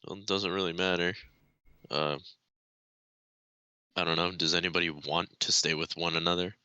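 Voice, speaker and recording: A man with a very deep but bright, forceful voice plays in a tabletop game. He sounds laid-back and laughs easily. The recording is dry and close. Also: fairly even intonation, moderate pace, clear, resonant tone, no room sound. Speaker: player. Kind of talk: casual tabletop play.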